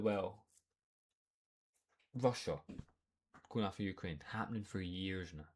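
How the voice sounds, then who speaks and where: A man's voice: low voice, expressive, takes it slowly, long pauses, a little mellow. A young man hosting a reaction video, ranting heatedly with plenty of swearing.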